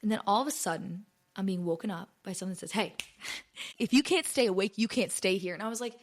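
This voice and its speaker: A woman's voice: mid-range voice, fast. A woman in her twenties hosting her own podcast, telling a rambling, swear-filled story in casual chat with lots of "like". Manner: chatty, rambling, swears often, heavy use of "like". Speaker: podcast host.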